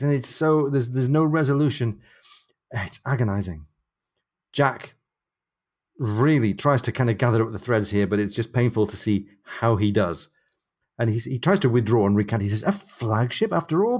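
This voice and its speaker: A man's voice: mid-range voice, moderate pace, darkish tone. A man co-hosting a book podcast, retelling the story with emphatic reactions and reading passages aloud. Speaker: podcast co-host. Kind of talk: book-discussion podcast chat.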